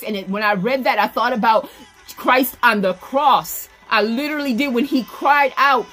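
A woman's voice: fairly high pitch, normal speed, a bit bright, faint music behind. Emphatic woman preaching, raised voice. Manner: emphatic, repetitive, calls on listeners by name. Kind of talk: online sermon teaching.

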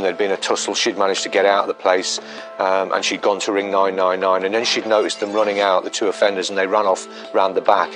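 A man, a police detective recounting an investigation in a documentary interview, measured and full of ums and restarts. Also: sits low, fairly bright tone, rough recording.

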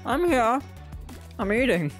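A young man co-streaming a video game, trading quick teasing banter with his partner. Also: very high voice, big pitch swings, a bit bright. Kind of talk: casual live-stream gameplay chat. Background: game music.

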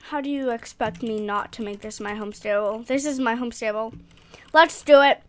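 A young woman giving excitable, rambling casual commentary while playing a game. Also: a little high, moderate pace. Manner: chatty, excitable, rambling with fillers. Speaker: gaming vlogger.

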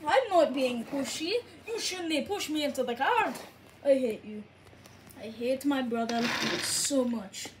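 A woman's voice: high-pitched, unhurried. A woman voicing two bickering male twin engines in a put-on Scottish accent, petty and squabbling, in a noisy recording.

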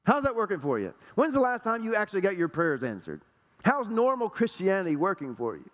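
A man's voice: sits high, huge pitch swings, fairly quick, fairly bright tone, big-room sound. A man preaching a sermon to a church congregation, emphatic, hammering home repeated rhetorical questions. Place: church sanctuary.

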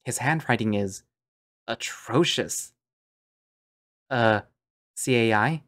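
A man's voice: on the low side, steady tone, normal speed. A man narrating an audio drama in first person, musing and understated.

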